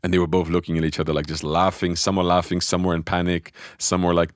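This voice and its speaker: A man telling a personal spiritual story in a relaxed podcast conversation, animated and often restarting his sentences. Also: low-pitched, quick pace, few pauses, no echo, studio quality.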